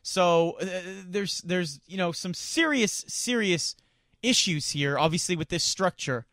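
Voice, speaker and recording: With a slightly high, unhurried voice, fairly even in intonation and a bit bright, a man hosting sports talk radio vents his indignation and trips over repeated words. The studio mic captures it clean, without any room sound.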